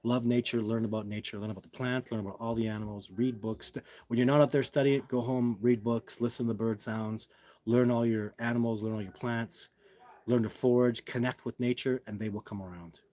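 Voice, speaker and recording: A man's voice: medium pitch, steady tone, brisk, warm tone. A man hosting a casual livestream, talking emphatically and with many repeats, answering viewers' questions. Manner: emphatic, repetitive, addresses viewers as guys.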